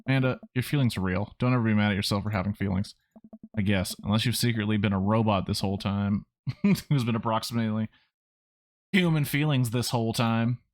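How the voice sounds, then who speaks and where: A man's voice: fairly low pitch, fairly quick, dry recording, clean studio sound, close to an everyday voice. A man reading the lines of a kind, corny single dad giving his daughter advice in a game. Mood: comforting. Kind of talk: reading game dialogue aloud.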